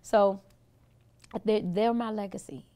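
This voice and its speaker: Middle-aged woman, pastor guest, earnest storyteller, some vocal fry. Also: medium pitch, fairly even intonation, slow pace, mellow. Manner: earnest, storytelling, frequent restarts. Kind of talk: casual interview talk.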